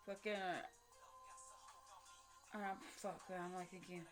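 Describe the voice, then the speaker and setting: Soft-spoken older woman telling a story. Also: fairly low pitch, flat delivery, measured pace, over music. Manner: soft-spoken and profane, with many fillers. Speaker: vlogger. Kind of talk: casual personal storytelling.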